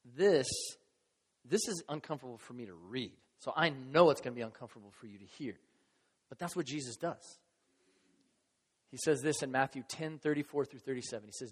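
A man preaching a sermon as pastor, in a conversational, animated way, acting out voices from the scripture he reads. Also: mid-range voice, a little fast, husky. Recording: long reverb of a large hall.

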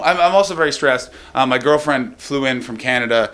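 A man's voice: mid-range voice, fairly quick, fairly bright tone. A young adult man doing a comic storytelling monologue, swearing often, laughing at his own jokes and slipping into quoted voices.

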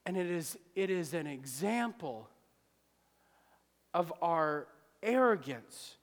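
Fervent high-voiced male pastor preaching. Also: sing-song, slow, big-room sound. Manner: fervent, swings from soft confiding to loud shouting. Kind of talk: sermon. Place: church sanctuary with long reverb.

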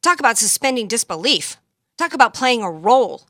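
Woman talk show host, political monologue, sarcastic, bright forceful voice, dry close sound. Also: a little high, big pitch swings, a little fast, dry recording. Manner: combative, sarcastic, rhetorical questions.

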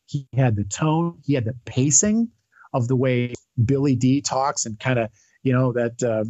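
A man's voice: medium pitch, normal speed, mellow, no room sound. Rambling enthusiastic man, dull dry sound. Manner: rambling, enthusiastic, many fillers and restarts. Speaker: podcast guest. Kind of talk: casual chat.

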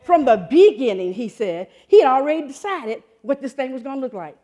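A woman in her fifties preaching a sermon in an animated, excitable way, often laughing and jumping up in pitch. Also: a little fast. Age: 50s.

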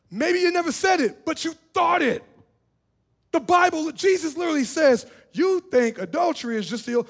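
A man preaches a sermon in a strikingly high voice. He swings from near-shouts down to hushed lines, repeating short phrases for weight and breaking into laughs. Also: gravelly. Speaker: pastor.

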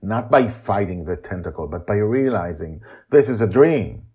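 A man voicing a desperate father in an audio story, urging and commanding loudly to save his daughter. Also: lowish voice, lively intonation, moderate pace, breathy edge. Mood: urgent. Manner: urgent, commanding, shouting.

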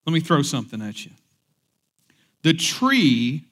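A man's voice: on the high side, sing-song, measured pace, a bit bright. A young adult man preaching a casual sermon, mixing scripture reading with joking asides, fillers and restarts. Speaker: pastor. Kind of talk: conversational sermon.

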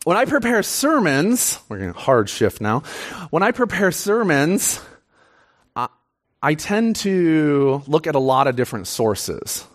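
A young man preaching a sermon in an excitable, chatty, self-deprecating way. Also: a little high, a little slow.

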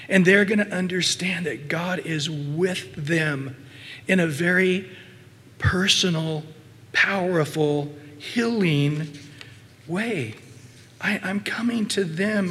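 High-voiced man preaching in a reverberant hall. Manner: emphatic preaching, drops to soft low asides, rises to loud mimicry. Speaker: pastor. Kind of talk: sermon.

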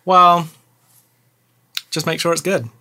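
A woman co-hosting a podcast in casual chat, animated and giggly. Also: lowish voice. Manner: animated, giggly, quick asides. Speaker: podcast co-host.

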